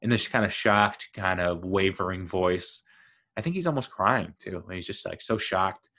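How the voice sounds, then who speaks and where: A man's voice: low voice, normal speed. A man hosting a solo podcast, talking through his thoughts in an enthusiastic, rambling way. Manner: enthusiastic, rambling, lively storytelling. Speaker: podcast host.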